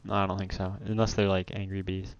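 A man hosting a let's play, chatting casually while gaming and breaking into loud startled exclamations. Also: low voice, level tone, fast, clean tone, lo-fi sound.

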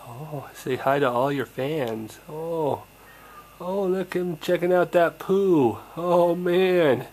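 A man's voice: fairly high pitch, slow, darkish tone, low-quality recording. A young man, a parent, narrating a home video in cooing baby talk with little gasps.

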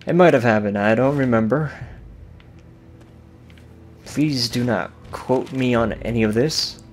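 A man chats his way through a game in relaxed let's-play commentary, drifting from joke to joke and swearing without a second thought. His pace is slow and unhurried, and his pitch sits in an ordinary middle range. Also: a little hiss or hum. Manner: joking, rambling, swears casually. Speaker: gameplay commentator.

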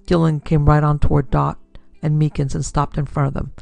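A woman narrates a classic pulp detective story at an even, storytelling pace. Her voice has a gravelly texture at a middle pitch. The recording is dry and close, with faint music underneath. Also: a little fast, dry recording. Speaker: narrator and producer. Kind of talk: scripted narration of pulp fiction.

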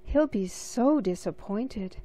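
A woman's voice: mid-range voice, animated, slow pace, mellow, breathy edge. A woman voicing a spirited, earnest young girl in a storybook read-aloud. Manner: earnest, exclaiming. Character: spirited young girl, caring for her brother.

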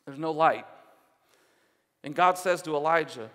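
A man's voice: fairly high pitch, a little slow, pauses often, fairly bright tone, in a large hall. A male pastor preaching a sermon in an earnest, exhorting way, repeating phrases for emphasis. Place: church sanctuary.

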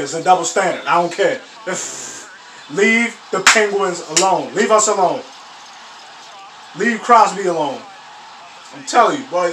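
A high-voiced man hosts a sports reaction video, chatting in loose slang and bursting into shouts and laughter. He sits some distance from the mic in a roomy, echoing space. A faint hiss runs underneath. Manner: animated, laughing often, slangy exclamations. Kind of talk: casual reaction commentary.

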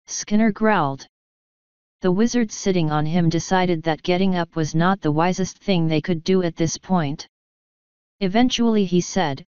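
A woman reading an audiobook in a measured, dry narration. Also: on the low side, a little mellow, smooth, dry recording, highs cut off. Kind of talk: scripted narration.

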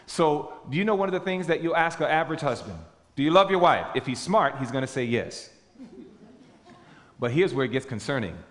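A man preaching a sermon, emphatic and animated, questioning his audience as he goes. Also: a little high, a little fast. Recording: reverberant hall.

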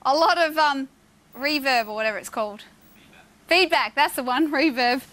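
An Australian woman hosting a live call-in television quiz, chatty and playful and quick to laugh. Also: high-pitched, a bit bright. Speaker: quiz show host. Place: television studio.

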